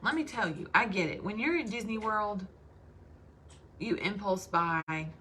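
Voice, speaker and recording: A woman's voice: medium pitch, lively intonation, unhurried, a bit bright, a little hiss or hum. A woman with a Southern US accent, chatting casually to her sales team and calling them y'all. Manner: chatty, addresses listeners as y'all.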